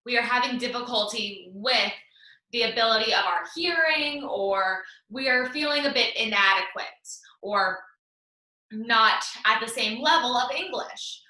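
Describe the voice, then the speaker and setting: A woman's voice: fairly high pitch, measured pace, bright, forceful tone, roomy sound, recorded from a distance, poor audio. A woman teaching an English class, explaining patiently and reassuringly step by step. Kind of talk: online class lesson.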